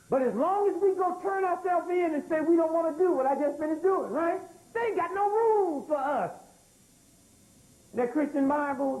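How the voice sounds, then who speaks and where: An older man lecturing before a live audience, his pitch leaping high and sinking low as he works the crowd. He keeps asking the room to answer back and repeats his key words with heavy emphasis. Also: rough recording. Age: 60s. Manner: animated, calls out to the crowd for responses.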